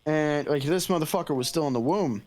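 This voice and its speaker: A man's voice: on the high side, a little fast. A young man co-hosting a casual gaming podcast, telling stories with heavy swearing. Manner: profane, animated storytelling. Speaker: podcast co-host.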